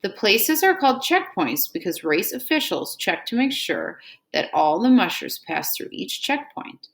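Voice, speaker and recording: A woman's voice: mid-range voice, sing-song, measured pace, fairly bright tone. A woman teaching an elementary reading lesson, prompting children item by item and praising their answers, then reading a story aloud with care. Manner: call-and-response prompting, repeating "what word?" after each item; patient and encouraging, praising answers. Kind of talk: scripted reading drill and read-aloud.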